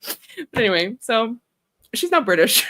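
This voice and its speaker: A woman's voice: on the high side, very animated, unhurried, fairly bright tone. A young woman hosting a casual chat stream, rambling in a chatty way and laughing often. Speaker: author and livestream host.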